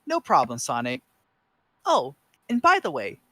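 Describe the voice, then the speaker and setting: A man voicing a kind, worried young boy fox in a high, squeaky put-on voice, stammering and exclaiming. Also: huge pitch swings, measured pace, pushed and bright, full character voice. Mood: sweet.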